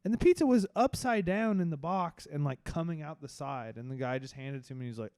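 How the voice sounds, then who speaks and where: A man's voice: on the high side, animated, fast, a little mellow, smooth, dry recording, studio quality. A man cohosting a podcast in casual comedic chat, riffing and swearing casually.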